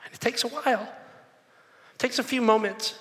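A man preaching a sermon, animated and acting out the voices of the crowd. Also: extremely high pitch, normal speed. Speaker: pastor. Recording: long hall reverb.

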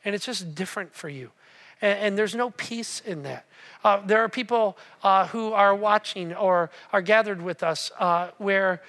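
High, bright-voiced pastor preaching. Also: male voice, moderate pace. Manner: conversational, jokey, asks the congregation questions. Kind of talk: sermon. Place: church auditorium.

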